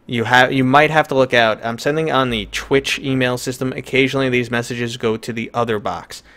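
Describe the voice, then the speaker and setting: A man's voice: mid-range voice, steady tone, a little fast, fairly bright tone. A man with a New York accent hosting a live stream, chatting loosely and joking with lots of fillers. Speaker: streamer host. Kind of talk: casual live-stream chat.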